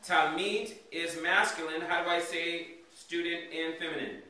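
A man's voice: fairly high pitch, fairly even intonation, normal speed, bright, forceful tone. A man teaching a class, asking students questions and checking "okay?" after each point. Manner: checks understanding with frequent "okay?". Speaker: Hebrew teacher. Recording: echoey room, from far off.

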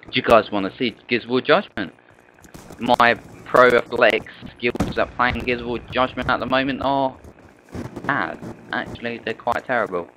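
A man's voice: medium pitch, moderate pace, bright, forceful tone, a little hiss or hum, rough recording. A young man giving rambling gameplay commentary, chatty and full of rhetorical questions to his viewers. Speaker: gaming channel host.

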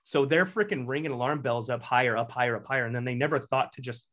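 A young man from Texas, a Marine veteran guest, telling a long anecdote in a casual, animated and profane way. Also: medium pitch, quick pace. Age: young adult. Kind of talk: casual storytelling.

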